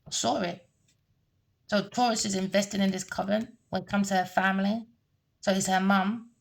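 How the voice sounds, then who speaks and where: A woman's voice: medium pitch, steady tone, moderate pace, gravelly. A woman giving a heated, repetitive tarot reading rant, cursing and scolding. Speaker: tarot reader.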